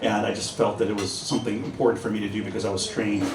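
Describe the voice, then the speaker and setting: Speaking fairly low and steady at a quick clip, this ex-cop entertains a pub crowd with humorous anecdotes, voicing each character's lines. It's captured from far off in an echoing, busy indoor pub.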